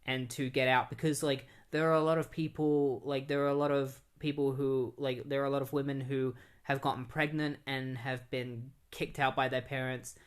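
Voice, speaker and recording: A man's voice: medium pitch, flat delivery, normal speed, hardly any pauses, clear, resonant tone. A young man casually recapping and reviewing a comic book in a rambling, conversational way.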